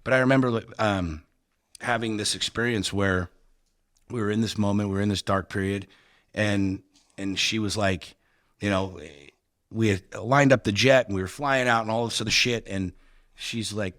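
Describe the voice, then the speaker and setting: A man's voice: fairly low pitch, fairly even intonation, moderate pace, a bit bright, dry recording, studio quality. A middle-aged man casually telling a story on a podcast, swearing freely and getting heated when he retells arguments. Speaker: podcast guest.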